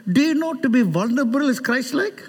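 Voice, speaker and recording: A man from India preaches in a high, lively voice that swings widely in pitch, with a somewhat husky tone. His sermon is animated and playful, full of jokes and acted-out voices. The sound carries a long hall reverb. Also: brisk. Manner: animated, joking with the congregation, acts out quoted voices. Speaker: guest preacher. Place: church sanctuary.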